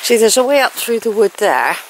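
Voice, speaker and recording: A woman's voice: fairly high pitch, sing-song, fairly quick, slight background noise. A woman walking in the countryside, chatting breathlessly to her camera. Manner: chatty, coos at animals. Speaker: walking vlogger. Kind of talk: casual walking narration. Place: outdoors on a countryside walk. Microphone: handheld phone camera.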